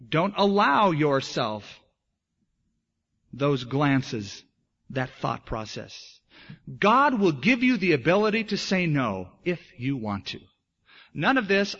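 A male pastor preaching with a lively, swooping delivery that rises and falls for emphasis. His voice is slightly husky. The recording is dull and lo-fi, like an older church tape. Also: fairly high pitch, takes it slowly, pauses often. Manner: animated preaching, acting out voices in stories. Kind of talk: sermon.

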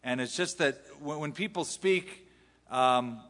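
A man's voice: mid-range voice, slow pace, fairly bright tone, big-room sound. A man from the US West Coast with an American accent, preaching a sermon in a conversational, self-deprecating way. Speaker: pastor. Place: large church hall.

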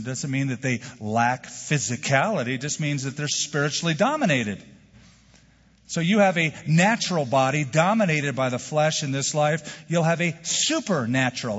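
A man preaching a sermon as a pastor, animated and asking the congregation rhetorical questions. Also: fairly high pitch, husky. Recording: dull sound with long hall reverb.

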